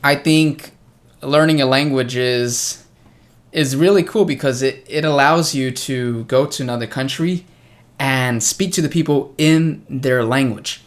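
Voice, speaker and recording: A man's voice: medium pitch, measured pace. A young American man hosting a casual chat with a friend, telling stories chattily and acting out the people he quotes. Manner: chatty storyteller who acts out quoted people. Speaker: host of a language-learning channel.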